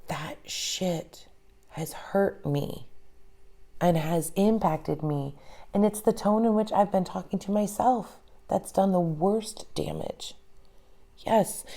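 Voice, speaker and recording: A woman in her forties speaking candidly in a reflective personal monologue, often pausing to search for words. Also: on the low side, creaky, dark tone. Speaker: vlogger.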